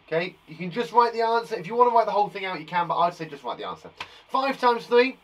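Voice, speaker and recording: A man's voice: high-pitched, big pitch swings, quick pace. A man from England, a primary school teacher giving a live online maths lesson to young children, playful and encouraging, chatting to viewers by name.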